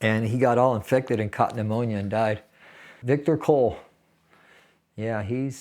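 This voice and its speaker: A man's voice: mid-range voice, steady tone, a little slow, long pauses, a little mellow. A man in his sixties from California, a Navy veteran casually recounting a personal story in an interview and laughing through grim details. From San Fernando Valley, California.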